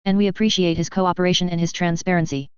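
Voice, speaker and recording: A woman's voice: on the low side, level tone, quick pace, a little mellow, clean tone, no echo, close to an everyday voice. A woman voicing a polite, easygoing older male interrogator, in a dull lo-fi recording.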